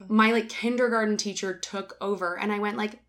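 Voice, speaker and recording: Woman, podcast co-host, casual chat, animated storytelling, filler-heavy. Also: mid-range voice, brisk.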